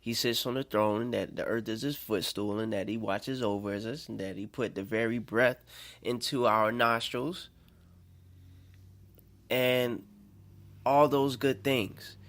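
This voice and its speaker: A man giving an informal sermon to listeners, conversational and checking in with them, swinging between rising emphatic stretches and soft, quiet ones. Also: mid-range voice, fairly even intonation, a little slow. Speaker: self-made preacher. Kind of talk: informal preaching monologue.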